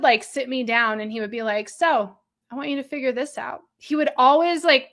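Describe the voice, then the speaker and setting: Woman co-host, fairly high voice with a gravelly fry, lively and quick to laugh. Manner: animated, laughs often. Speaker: podcast co-host. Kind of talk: casual chat.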